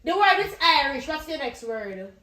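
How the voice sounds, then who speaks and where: A woman's voice: sits high, big pitch swings, normal speed, sharp tone, exaggerated voice. A woman with a Jamaican accent playing a stubborn, boastful grandmother in a comedy skit, scolding in thick Patois. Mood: exasperated. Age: older. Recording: echoey room.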